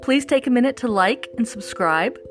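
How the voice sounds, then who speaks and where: A woman's voice: a little high, expressive, moderate pace, soft background music. A woman vlogger telling a personal story to camera in an earnest, emotional way that chokes up at times.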